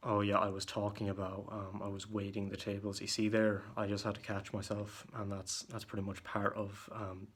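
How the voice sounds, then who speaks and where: A young man with a deep voice that sometimes cracks, venting in a casual home vlog, halting with many fillers and restarts. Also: monotone, breathy edge. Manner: irritated, venting. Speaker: vlogger. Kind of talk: casual monologue. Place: room at home.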